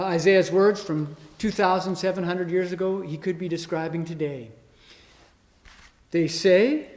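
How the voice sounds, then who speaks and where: Male preacher, emphatic, slightly higher voice, recorded in a reverberant church hall. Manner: rising emphasis, dramatic quoted mockery. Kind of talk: sermon.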